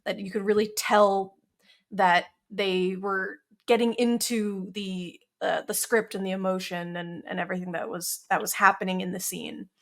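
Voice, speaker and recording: Woman podcast co-host, mid pitch, measured casual chat. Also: little pitch movement, vocal fry, a bit bright.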